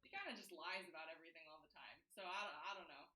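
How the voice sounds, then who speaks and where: A woman's voice: sits low, very fast. A woman playing a tabletop game in character, hesitant and full of ums, a little distant from the mic. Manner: bright, hesitant, lots of ums. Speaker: player. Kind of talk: in-character tabletop role-play. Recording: roomy, off-mic.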